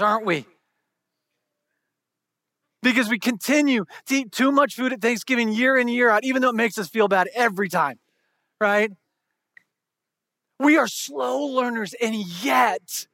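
A married man preaching a sermon to a congregation, conversational and joking, moving from hushed to shouted. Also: high-pitched, no room sound. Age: adult, married with kids. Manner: conversational, humorous, swings from soft to shouting. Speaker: pastor.

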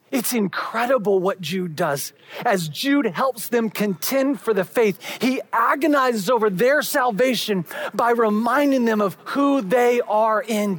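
A preacher delivering a sermon, building up with emphasis and then dropping to hushed, quiet endings. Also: medium pitch, breathy edge.

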